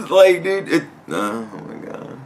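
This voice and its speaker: A man hosts a podcast in a rambling solo monologue. His voice sits a touch high for a man. He drifts between tangents, swears freely and breaks into laughter often. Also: wildly swooping pitch, drawn-out words, slight background noise. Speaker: podcast host. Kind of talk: casual comedic monologue.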